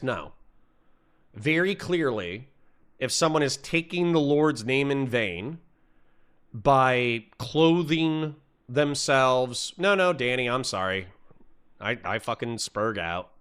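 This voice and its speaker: A man's voice: medium pitch, expressive, a bit bright, smooth. A young man from Florida streaming a heated, profane rant at his chat, cutting himself off and apologizing, then charging back in. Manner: profane, combative, addresses chat directly; quick self-interruptions and apologies.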